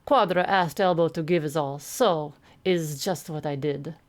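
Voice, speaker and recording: Huge friendly bruiser man voiced by a woman, simple broken phrasing, booming. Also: measured pace. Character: huge friendly Russian male team bruiser.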